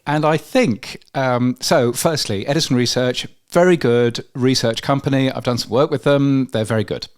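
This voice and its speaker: A man's voice: mid-range voice, moderate pace, few pauses, smooth. A man with a London accent co-hosting a podcast news show, talking through research with lots of ums and restarts. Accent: London English. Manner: hesitant, many fillers and restarts. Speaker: podcast co-host. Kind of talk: casual news chat.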